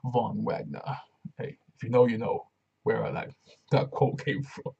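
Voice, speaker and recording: Gravelly-voiced man reviewing wrestling. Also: medium pitch, moderate pace, lo-fi sound. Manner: slangy, excitable, repeats phrases. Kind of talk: casual solo review.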